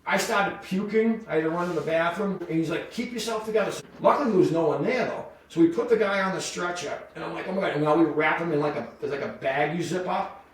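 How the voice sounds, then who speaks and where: A man who is a podcast guest, telling a long story in a casual, animated way, full of fillers and voiced quotes. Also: fairly high pitch, fast, few pauses. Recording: echoey room, far from the mic.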